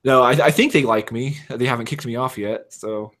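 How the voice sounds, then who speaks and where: A man's voice: medium pitch, moderate pace, fairly bright tone. A man chatting casually as a podcast guest, rambling with lots of fillers and poking fun at himself. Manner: rambling, self-deprecating, many fillers. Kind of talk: casual chat.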